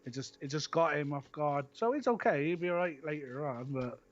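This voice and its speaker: A man's voice: a little high, lively intonation, fairly quick, highs cut off. A man with a Cornish accent chatting casually on a stream, hesitant and repeating his words. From Cornwall, England. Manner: hesitant, repeats words, calls others "my flower". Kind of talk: casual chat.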